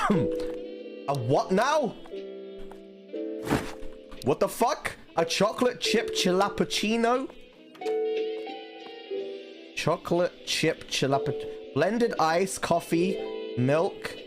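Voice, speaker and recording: A man's voice: sits high, very animated, drawn-out words, long pauses. A young man streaming a game, talking casually, swearing often and yelping panicked apologies. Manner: frantic, swears a lot, yelps apologies in panic. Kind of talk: live gameplay commentary. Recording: game music playing underneath.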